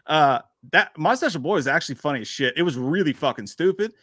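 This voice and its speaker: Animated, bright-voiced man chatting live. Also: on the high side, fairly quick, no echo, studio quality. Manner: profane, laughs often, reads chat aloud. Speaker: podcast co-host. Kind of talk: casual live-stream chat.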